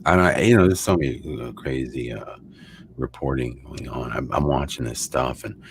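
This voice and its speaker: A man's voice: rumbling low, normal speed, breathy edge. A man hosting a show, rambling and joking in casual chat, swearing freely. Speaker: host.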